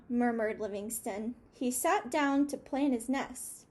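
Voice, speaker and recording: A woman's voice: on the high side, slow pace, darkish tone. A woman reading a children's storybook aloud expressively, stopping to ask her young listeners questions.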